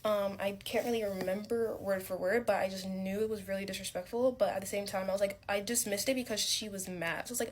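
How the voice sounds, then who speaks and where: A young woman telling a casual story from her college days. She rambles a little and fills her talk with "like" and "um," and her retelling is lively. There is clear background noise behind her. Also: medium pitch, fast, hardly any pauses. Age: young adult. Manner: rambling, filler-heavy, animated retelling.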